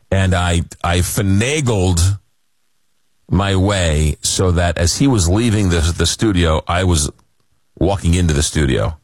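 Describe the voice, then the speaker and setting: A man's voice: low voice, no echo, studio quality. A man from hosting a late-night call-in radio show, telling rambling, self-deprecating stories in a casual chat. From Long Island, New York. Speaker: radio talk show host. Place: radio studio.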